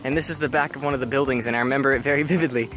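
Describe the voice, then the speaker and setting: A man's voice: medium pitch, steady tone, racing. A young man casually vlogging a road trip and campus visit in a playful, jokey way. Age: young adult. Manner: playful and jokey, slipping into silly voices. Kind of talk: casual vlog narration. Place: outdoors on a college campus and in a car. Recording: music playing under the voice.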